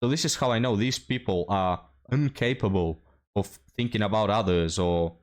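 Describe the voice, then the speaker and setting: A man's voice: lowish voice, normal speed. A man hosting a reaction commentary, mocking and scornful, often laughing as he talks. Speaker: commentary host.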